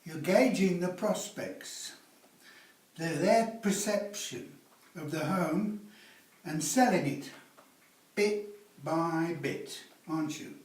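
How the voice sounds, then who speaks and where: A man's voice: high voice, slow pace, darkish tone. A man teaching a sales class, lecturing with teasing rhetorical tag questions. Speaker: sales instructor. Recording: roomy, from a distance.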